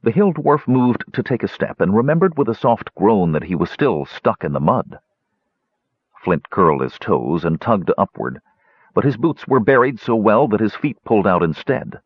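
Deep, husky male audiobook narrator. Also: no echo. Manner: expressive, measured storytelling. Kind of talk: scripted fantasy narration. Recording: dull lo-fi, dry audio.

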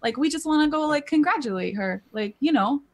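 A woman's voice: sits high, expressive, brisk, voice pushed up. A woman voicing a cocky teen gamer girl in a tabletop game, brash and swaggering. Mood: coaxing.

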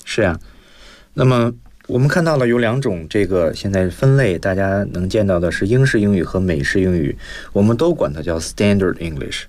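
A man's voice: deep voice, lively intonation, a little fast, a little mellow, no room sound. A man hosting a radio English lesson, explaining vocabulary and stressing each point for students. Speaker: English teacher, host.

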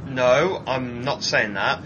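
A man co-hosting a casual chat show, ranting animatedly and mocking people in put-on high voices. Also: slow pace, a bit bright, lo-fi sound, slight background noise. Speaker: podcast co-host.

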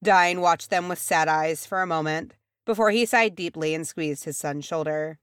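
A woman's voice: low voice, moderate pace, fairly bright tone, smooth, no room sound, studio quality. A woman reading a fan fiction chapter aloud as an audiobook, shifting her voice for the characters. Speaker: audiobook reader.

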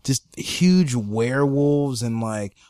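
A man's voice: medium pitch, expressive, slow, warm tone, no echo, clean studio sound. A young man hosting a casual chat, talking loosely and slangily with lots of "like". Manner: loose, slangy, heavy use of "like". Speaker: host.

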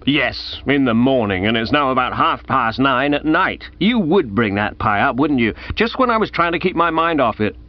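A man voicing a famished, irritable young gentleman who snaps in rasping, exasperated bursts. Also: mid-range voice, expressive, normal speed, hardly any pauses, voice pushed up, lightly acted. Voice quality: rasping bark. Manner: testy, exasperated outbursts. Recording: dull lo-fi audiobook recording.

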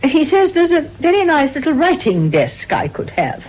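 An actress playing a gentle, self-effacing woman in a vintage radio drama, speaking softly and apologetically. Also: sits high, sing-song, normal speed. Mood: resigned. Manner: soft, apologetic, resigned. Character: meek, self-effacing spinster, gentle and resigned. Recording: dull lo-fi old radio recording.

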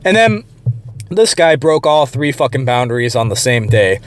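A man's voice: mid-range voice, sing-song, normal speed. Blunt, profane young man ranting. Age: young adult. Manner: blunt, profane, rambling with restarts. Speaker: channel host. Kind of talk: casual storytelling rant.

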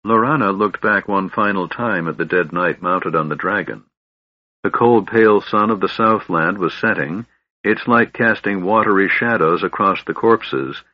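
Low, husky male narrator. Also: dry recording, muffled recording. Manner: steady, measured storytelling. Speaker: audiobook narrator. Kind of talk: scripted fantasy narration.

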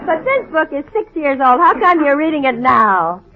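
A woman's voice: high-pitched, sing-song, normal speed, lo-fi sound, a loud crowd. A woman with a dry, teasing manner, playing herself in 1940s radio comedy. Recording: noisy old radio broadcast with loud audience.

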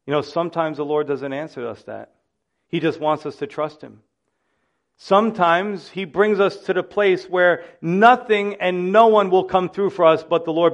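A man's voice: on the high side, lo-fi sound. A male pastor delivering a sermon, with impassioned preaching that swells and drops in volume.

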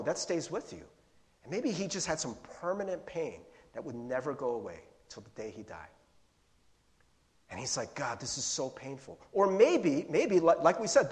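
Animated male preacher in a reverberant hall. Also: fairly high pitch. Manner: casual, animated preaching with slang and stammered restarts. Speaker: youth pastor. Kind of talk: sermon.

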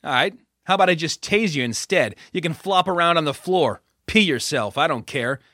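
A man voicing a gruff cop in an audiobook, barking threats in a bright, forceful tone. His voice stays close to the narrator's own. The sound is dry and close-miked. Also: a little high, lively intonation, moderate pace, no room sound, pitched above the performer's own voice. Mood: threatening. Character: blustering gun-drawn male cop.

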